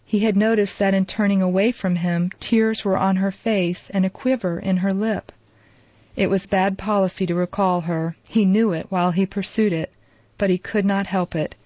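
A woman calmly narrating a novel in a measured reading. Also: mid-range voice, no room sound. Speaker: audiobook narrator. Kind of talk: scripted narration. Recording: dull lo-fi dry recording.

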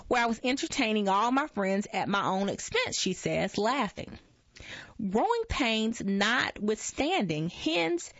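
Woman reading a magazine aloud, lively pitch. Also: no echo. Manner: unhurried reading with frequent stumbles and self-corrections. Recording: dull lo-fi dry recording.

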